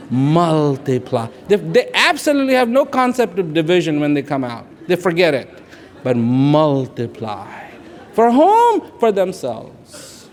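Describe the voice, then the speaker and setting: A man in his fifties from India, speaking, gives an inspirational speech to an audience. He repeats phrases for emphasis and swings between hushed and loud. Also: on the high side. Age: 50s. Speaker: public speaker. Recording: echoey large hall.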